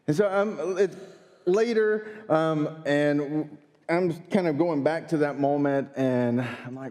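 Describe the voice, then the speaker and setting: A man in his thirties, a pastor telling a funny, animated story during a sermon. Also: on the high side, measured pace. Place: church sanctuary. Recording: long hall reverb.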